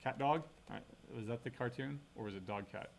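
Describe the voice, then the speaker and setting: A man's voice: mid-range voice, a little fast, gravelly, a little hiss or hum. A middle-aged man giving a casual university lecture, thinking aloud and checking in with frequent "right?" tag questions. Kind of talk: recorded classroom lecture.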